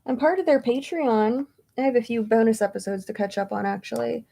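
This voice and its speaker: Young woman, casual vlog chat, rambling and filler-heavy, slight vocal fry, fairly high voice. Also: fairly even intonation, a little fast, dark tone. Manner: chatty, rambling with many fillers. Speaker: beauty vlogger answering viewer questions.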